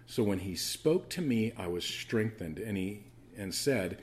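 A man preaching a sermon to his church, moving between quiet conversational asides and loud, emphatic stretches, often asking the congregation questions. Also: lowish voice, lively intonation, normal speed. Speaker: pastor.

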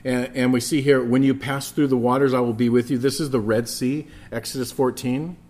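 A man's voice: mid-range voice, fairly even intonation, a little fast, a little mellow. A man preaching a sermon as a pastor, emphatic, repeating phrases for stress and often restarting his words.

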